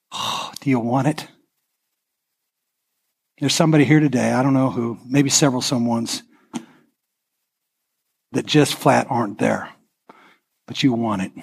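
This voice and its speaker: A man preaching a sermon as pastor, impassioned, swinging from near-shouts down to a hushed prayer. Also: medium pitch, husky.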